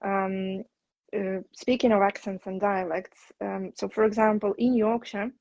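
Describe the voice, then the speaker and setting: A woman's voice: mid-range voice, steady tone, measured pace, a little mellow, no room sound, muffled recording. A woman English teacher talking casually on a live stream, explaining patiently with frequent ums.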